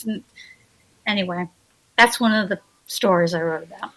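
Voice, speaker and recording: A woman author, a guest on a radio interview, telling a crime story in an earnest, halting way and often restarting her sentences. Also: medium pitch, animated, bright, forceful tone, rough recording.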